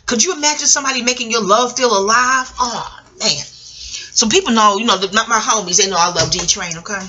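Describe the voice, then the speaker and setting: A woman's voice: on the high side, a little fast, a little hiss or hum. A middle-aged woman from New York telling a rambling, profane story to her viewers in a casual monologue. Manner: animated, profane, digressive, addresses viewers as y'all. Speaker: vlogger.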